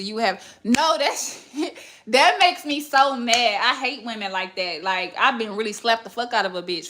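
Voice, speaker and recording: A young podcast host talks in casual chat. She is blunt, profane and animated. Her voice sits a little high and sounds bright and sharp.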